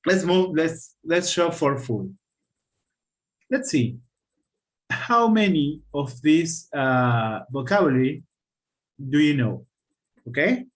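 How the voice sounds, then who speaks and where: A man with a Spanish accent leads an online English lesson, his voice sitting at an ordinary middle pitch. He talks haltingly, stopping for fillers and restarts and checking in with his students as he goes, and he comes through a video call. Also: rough recording. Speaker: English teacher.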